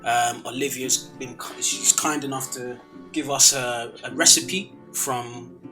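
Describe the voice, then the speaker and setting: A man hosting a casual food show chat, relaxed and laughing often. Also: mid-range voice, a little slow, over music. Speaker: host.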